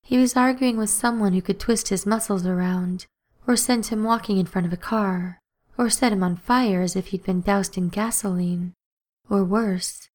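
A woman's voice: mid-range voice, fairly even intonation, moderate pace, darkish tone. Woman narrating an audiobook.

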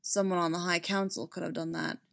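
Bleak tired jedi master guy, speaks quiet, woman reading him. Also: lowish voice, steady tone, normal speed, no room sound, close to an everyday voice. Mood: grave. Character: grave male Jedi master, weary.

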